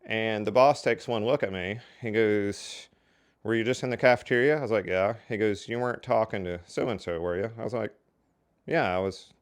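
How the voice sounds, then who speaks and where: Folksy low-voiced man telling stories. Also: normal speed, clear, resonant tone. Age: older. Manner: folksy and chatty, with lots of "so anyway" and "you know". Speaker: storyteller. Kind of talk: casual storytelling.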